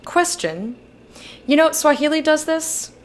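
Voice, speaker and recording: A young woman with a high-pitched, animated voice offers casual let's-play commentary at a measured pace. As a streamer, she reads the game's dialogue aloud between her own thoughts.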